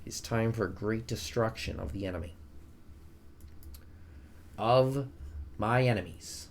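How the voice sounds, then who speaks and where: A man's voice: fairly low pitch, slow, creaky, a little hiss or hum. A young man casually commenting on his strategy game live stream, joking with his chat. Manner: chatty, jokey, talks to chat.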